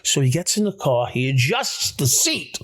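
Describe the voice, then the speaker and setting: A man hosting a podcast, telling a story in a casual, animated way that is full of swearing and stammered restarts. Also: mid-range voice, normal speed.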